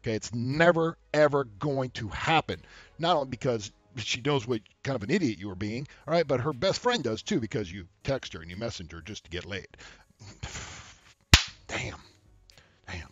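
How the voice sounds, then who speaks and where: A man hosting a casual advice rant to camera, blunt and profane, laughing often and mimicking people in high mocking voices. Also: expressive, normal speed, a bit bright, no echo, lo-fi sound. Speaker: dating advice host.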